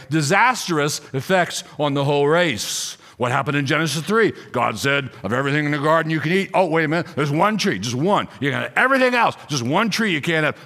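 A man preaching an expository sermon, emphatic and full of rhetorical questions, slowing down to read scripture. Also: a little high, a bit bright.

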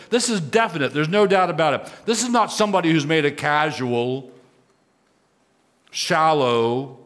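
A preacher with a slightly high male voice delivers a sermon. He drops into quiet, conversational asides and then rises into emphatic, raised declarations. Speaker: pastor.

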